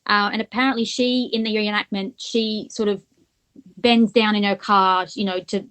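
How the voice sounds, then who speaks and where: Co-hosting a true-crime podcast, a woman talks in a relaxed, casual way at normal speed, her voice at a typical middle pitch. She retells events at length and thinks out loud as she goes.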